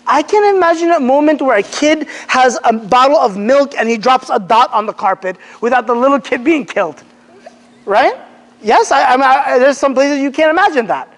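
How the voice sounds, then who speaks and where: A man giving a casual religious lesson to young people, telling animated stories, acting out quotes and restarting his sentences often. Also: very high voice, normal speed. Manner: animated storyteller, acts out quotes, many fillers and restarts. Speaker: Islamic teacher. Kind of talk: casual religious lecture to a youth group. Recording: long hall reverb.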